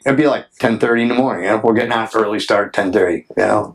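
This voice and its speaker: A man's voice: on the low side, fast talker, hardly any pauses. A middle-aged man reminiscing casually, a rambling storyteller who acts out quotes, with many restarts. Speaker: former tour crew member recalling the road.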